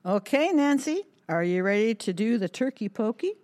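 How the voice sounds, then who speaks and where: Animated woman leading kids' finger plays. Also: fairly high pitch, normal speed, faint music behind. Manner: animated, sing-song, encouraging. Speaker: children's program presenter. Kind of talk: children's finger plays and songs.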